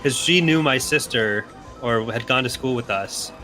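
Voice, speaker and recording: A man's voice: medium pitch, moderate pace, pushed and bright, soft background music. A young man telling a story casually while playing a racing game, laid-back and sweary, laughing through it. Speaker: co-player.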